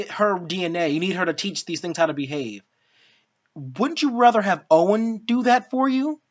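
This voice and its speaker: A woman giving a casual spoken film review, ranting in an exasperated, profane way. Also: on the low side. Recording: dull lo-fi sound.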